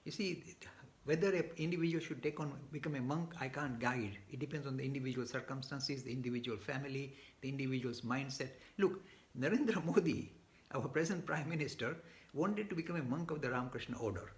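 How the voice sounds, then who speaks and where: A man's voice: mid-range voice, a little fast. A man answering audience questions in a live online talk, speaking emphatically with frequent restarts and repeated words. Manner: gets worked up.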